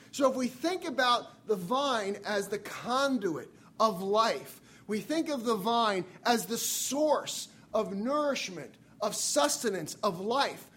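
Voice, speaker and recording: Slow husky preacher giving a sermon, earnest, keeps repeating the big lines. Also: medium pitch, a bit bright. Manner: earnest, repeats key phrases for emphasis.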